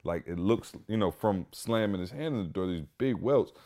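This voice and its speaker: A man hosting a podcast, telling a story in a casual, animated way, emphatic and full of "like" and "y'all". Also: fairly low pitch, moderate pace. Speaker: podcast host.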